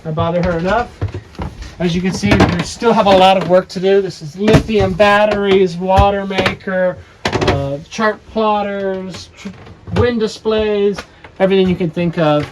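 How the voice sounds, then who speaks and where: A man in his twenties, eager and excitable, showing guests around his sailboat in casual chat. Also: high-pitched, heavy background noise. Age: 20s. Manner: eager, excitable, quick restarts. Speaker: guest giving a boat tour. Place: aboard a sailboat. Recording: busy background chatter.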